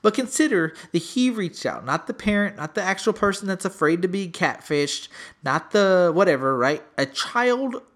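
Animated man telling a long story. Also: high voice, moderate pace. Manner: animated storyteller acting out quoted people. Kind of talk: casual storytelling chat.

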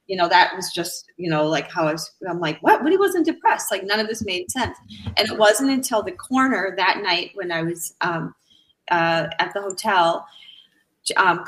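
A middle-aged woman telling her own story as a radio interview guest, halting often with fillers and restarts. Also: mid-range voice, fairly bright tone, low-quality recording. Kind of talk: personal account in a radio interview.

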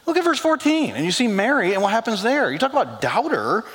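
A man preaching a sermon as pastor, animated and joking, dropping his voice low for quoted lines. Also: fast. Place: church sanctuary. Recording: long hall reverb.

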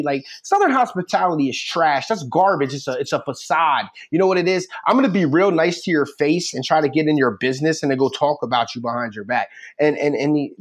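A man's voice: a little high, fast talker, hardly any pauses. A man co-hosting a sports podcast, ranting brashly in casual banter and poking fun at himself. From Philadelphia area, United States. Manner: brash, ranting, self-mocking. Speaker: podcast co-host.

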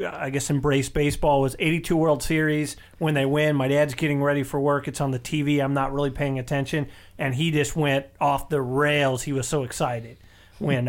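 A man hosting a podcast in casual chat, rambling with many restarts as he sets up topics. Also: on the high side. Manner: rambling, halting, lots of restarts. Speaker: podcast host.

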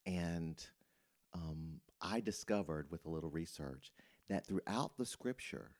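A man's voice: sits low, lively intonation, unhurried, darkish tone. A middle-aged man, a pastor, reflectively explaining scripture in casual podcast conversation.

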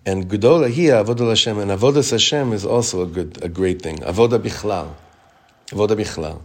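A man teaching a Torah class as rabbi, reading text quickly and explaining it in chatty English. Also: lowish voice. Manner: reads Hebrew text fast, then explains it in relaxed English; chatty, with frequent restarts.

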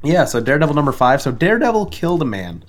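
A man co-hosting a podcast, casually recapping a comic issue with quick, animated comments. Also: a little high. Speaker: podcast co-host. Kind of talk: casual comic book chat.

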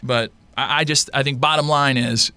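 A man's voice: medium pitch, fairly even intonation, moderate pace, pushed and bright, clean tone, no echo. A man co-hosting a casual podcast, blunt and crude, teasing his co-host with jokes. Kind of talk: casual chat.

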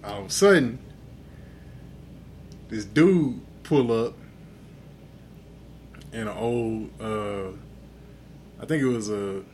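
A man's voice: lowish voice, slow, long pauses, a little mellow, slight background noise. A man co-hosting a podcast, tipsy and telling a profane story with lots of acted-out dialogue. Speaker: podcast co-host. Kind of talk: casual drunk storytelling chat.

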